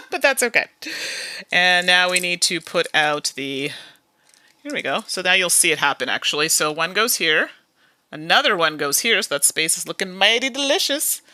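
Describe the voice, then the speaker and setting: A woman's voice: fairly low pitch, pushed and bright, no echo. A woman hosting a solo board game playthrough, chatting casually as she plays, grumbling at bad luck and laughing at herself. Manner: chatty, self-deprecating, quick to laugh and grumble. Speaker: board game channel host.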